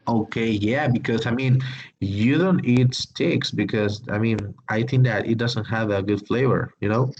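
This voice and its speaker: A man teaching an English grammar class online, speaking slowly and hesitantly, with many fillers and apologies. His first language is Spanish. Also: fairly low pitch, darkish tone, lo-fi sound, a little hiss or hum.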